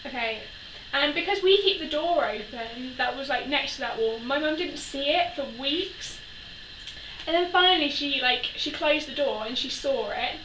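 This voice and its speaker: Bright and forceful, her high-pitched voice is animated and moderately paced as this young woman recounts childhood stories for a casual vlog. She giggles often and performs the voices of those she quotes. Distant, echoey room sound and faint noise color the recording.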